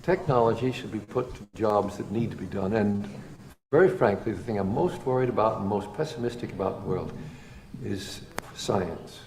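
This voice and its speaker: A man's voice: lowish voice, moderate pace, a little mellow. Blunt man in an echoey hall. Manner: blunt, impassioned, plainspoken. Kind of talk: recorded spoken talk. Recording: echoey hall with faint noise.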